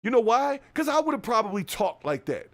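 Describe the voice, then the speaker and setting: High-pitched man ranting on a podcast. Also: normal speed. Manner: profane, animated, talks straight to listeners. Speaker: podcast host. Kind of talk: casual political commentary rant.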